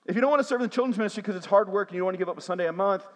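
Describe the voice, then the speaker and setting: A man's voice: sits high, rapid-fire, hardly any pauses. A man, a pastor preaching a sermon with call-and-response refrains. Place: church sanctuary. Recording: long hall reverb.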